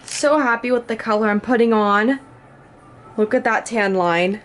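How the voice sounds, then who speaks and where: A woman's voice: fairly high pitch, moderate pace, fairly bright tone. Chatty young woman vlogging on a handheld camera. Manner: chatty, bubbly, laughs often, says "dude". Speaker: vlogger and bodybuilding competitor. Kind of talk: casual vlog chat.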